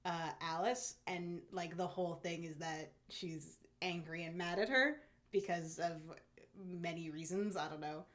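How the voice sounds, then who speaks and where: A woman's voice: on the low side, steady tone, a little slow, fairly bright tone. A young woman co-hosting a podcast, chatting casually in a musing, hesitant way. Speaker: podcast co-host. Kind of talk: casual chat.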